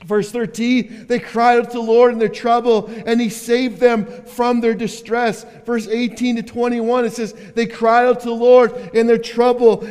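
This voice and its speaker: A man preaches a sermon in a high, smooth voice. He repeats himself as he builds, with sudden loud calls and quiet asides. The sound carries a long hall reverb. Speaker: pastor.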